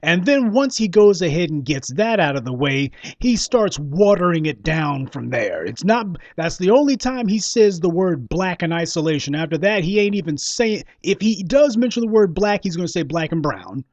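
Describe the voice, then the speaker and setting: A man's voice: sits high, animated, normal speed, hardly any pauses, dry recording, muffled recording. A man giving a solo political commentary monologue, scornful and mocking, lecturing his listeners.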